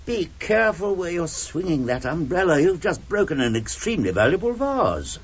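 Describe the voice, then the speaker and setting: An actor in a radio drama playing a gallant, fussy elderly English gentleman with a husky voice. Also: a little high, big pitch swings, normal speed, highs cut off, slight background noise. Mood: dry. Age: older. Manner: courteous, dry and fussy.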